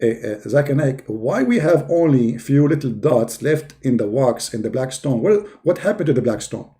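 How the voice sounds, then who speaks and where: Sarcastic male host with a mellow voice. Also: medium pitch, big pitch swings. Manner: sarcastic, with slow, drawn-out questions. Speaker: video host. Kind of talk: mocking commentary with a comic skit.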